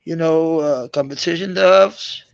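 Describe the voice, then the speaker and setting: Danish-accented man, gravelly casual chat. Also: fairly high pitch, dry recording, lo-fi sound. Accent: Danish, with American tinge. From Denmark. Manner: halting, searches for English words, many fillers and restarts; swears casually. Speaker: live-stream host chatting with viewers.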